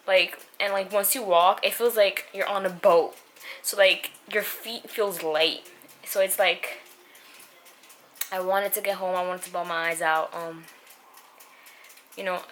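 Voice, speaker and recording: Anxious young woman, halting vlog talk. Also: mid-range voice. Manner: halting, filler-heavy, emotional talk. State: anxious and upset. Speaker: vlogger. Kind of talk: personal vlog confession. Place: outdoors on a city street. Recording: loud street and traffic noise.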